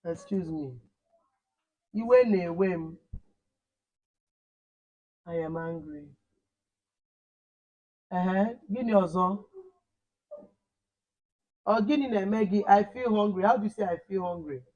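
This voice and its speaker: A man teaching a language lesson online, repeating words slowly and correcting his pupils. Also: high voice, darkish tone, lo-fi sound.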